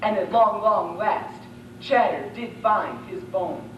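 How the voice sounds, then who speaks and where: A man's voice: high voice, takes it slowly, lo-fi sound, slight background noise. A young man, a student competitor, narrating a fairy tale in a theatrical storybook style, recorded in a school room. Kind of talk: storybook narration in a comic interpretation. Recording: echoey room, far-off camera.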